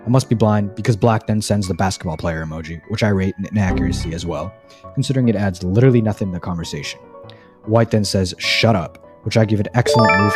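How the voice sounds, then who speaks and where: Man, deep voice, sarcastic, exasperated, music clearly behind. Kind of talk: scripted narration.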